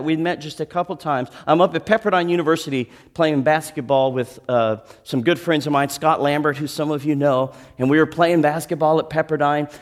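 Earnest pastor telling a story. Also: male voice, medium pitch. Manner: earnest, with frequent restarts and dramatic pauses. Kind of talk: sermon storytelling.

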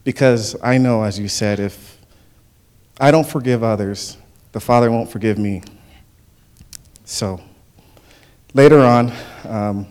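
Man giving a church testimony, lively, chuckling storyteller. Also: medium pitch, smooth. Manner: animated storytelling with frequent chuckles. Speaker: church speaker. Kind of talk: spoken testimony.

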